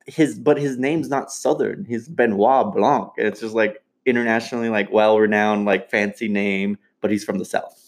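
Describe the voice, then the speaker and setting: A man casually talking about a movie with friends, animated and laughing as he jumps in with his own take. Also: fairly low pitch, normal speed, few pauses.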